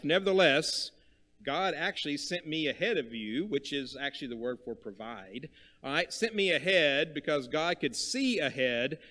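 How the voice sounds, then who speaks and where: A man preaching a sermon to a congregation. He stresses and repeats key words, swinging from loud emphasis to quiet, low lines.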